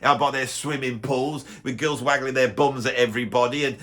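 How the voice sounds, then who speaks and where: A man's voice: mid-range voice, fairly even intonation, fairly quick, fairly bright tone, lightly acted. A middle-aged man playing a bitter, grumpy music snob in a blustering comic rant, grumbling and stumbling over his restarts. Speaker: YouTuber doing a comic character.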